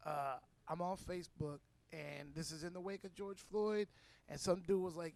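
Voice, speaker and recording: High-voiced man telling a profane story. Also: normal speed, gravelly. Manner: profane, animated, acts out quotes. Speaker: podcast co-host, comedian. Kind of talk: casual chat, storytelling.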